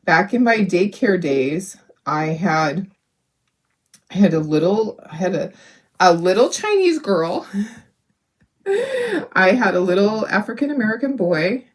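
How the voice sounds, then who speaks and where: A woman's voice: mid-range voice, expressive, unhurried, pauses often. A middle-aged woman hosting a craft video, chatting casually and rambling as she paints, laughing often and talking to her viewers. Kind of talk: casual chat while painting.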